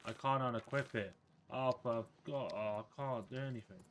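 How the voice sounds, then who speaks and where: A man streaming a game live, quietly muttering a running commentary to himself. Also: medium pitch, normal speed, slight background noise.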